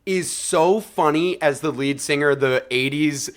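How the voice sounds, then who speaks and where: Casual podcast co-host man. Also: a little high. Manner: leads the rating segments, quick asides. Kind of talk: casual chat.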